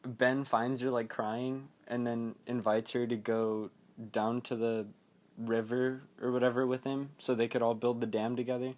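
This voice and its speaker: A young man rambling through a film recap on his podcast. He talks loosely, with lots of fillers, and keeps slipping into quick mock quotes of the characters. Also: medium pitch, level tone, a little mellow. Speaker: podcast host.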